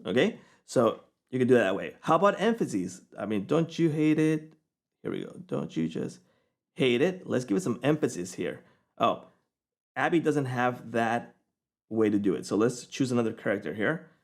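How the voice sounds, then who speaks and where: A man at a middle pitch talks viewers through a piece of software in a relaxed, conversational way. He explains step by step and keeps checking in with a quick "okay?" as he goes. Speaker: software reviewer. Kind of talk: screen-recorded software tutorial.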